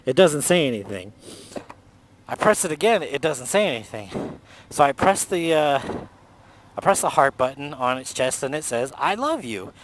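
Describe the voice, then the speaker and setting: A man telling a ghost story in a loose, profane, animated way while riding a motorcycle outdoors. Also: medium pitch, normal speed, a little hiss or hum. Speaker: motovlogger. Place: outdoors on a motorcycle on city roads.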